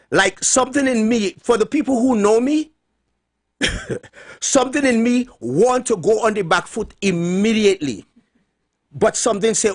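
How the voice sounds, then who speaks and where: High-voiced man, radio host storytelling. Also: measured pace, pauses often, dry recording, studio quality. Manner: animated storyteller who repeats key words for emphasis. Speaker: radio talk show host. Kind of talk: radio monologue retelling a phone call.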